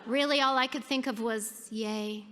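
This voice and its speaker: A woman's voice: fairly high pitch, normal speed, heavy background noise. A woman giving a keynote speech, telling a personal story with animation and acting out the people in it. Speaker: keynote speaker. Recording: long hall reverb.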